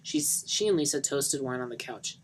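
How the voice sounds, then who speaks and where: A man reading a novel aloud in a dry, even narrating manner. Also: medium pitch, moderate pace, slight background noise, rough recording. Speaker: reader of a novel.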